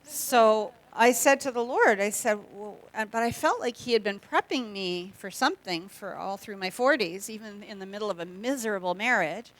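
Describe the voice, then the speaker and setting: A woman's voice: medium pitch, moderate pace, few pauses. A middle-aged Canadian woman, a guest speaker giving a humorous testimony talk in a church, chatty and joking, acting out quoted voices.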